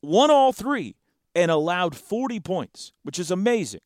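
A man co-hosting a sports talk show in casual chat, playful and animated, breaking into sound effects. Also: high voice, unhurried, no echo, clean studio sound.

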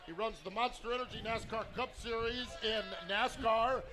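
A man's voice: extremely high pitch, fairly even intonation, normal speed, music in the background. A man hosting a live event show, with an upbeat, announcer-like delivery. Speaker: host.

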